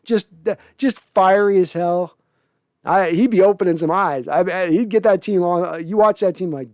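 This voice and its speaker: A man's voice: sits high, normal speed, a little mellow, no room sound, studio quality. A man hosting a casual livestream, reading chat messages aloud, joking, swearing and laughing often. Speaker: podcast host reading live chat.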